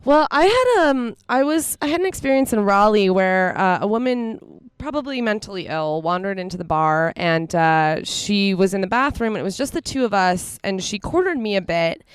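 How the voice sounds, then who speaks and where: Woman singer chatting in a street interview, easygoing, laughs a lot, smooth clear voice, dry sound. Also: mid-range voice, normal speed, few pauses, no echo. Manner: relaxed storyteller, laughs easily. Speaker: band singer, interview guest. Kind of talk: casual interview. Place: outdoors on a city street.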